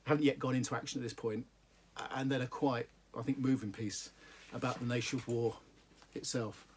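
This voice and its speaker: A man reading from a book aloud and discussing it in a halting, thoughtful way, with frequent restarts. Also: medium pitch, steady tone, darkish tone, a little hiss or hum. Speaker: book reviewer.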